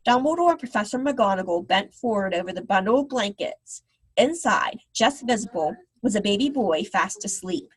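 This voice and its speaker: A woman reading a children's book aloud on a live video call, with a gentle, expressive manner. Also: mid-range voice, moderate pace, husky, poor audio. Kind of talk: read-aloud storytelling.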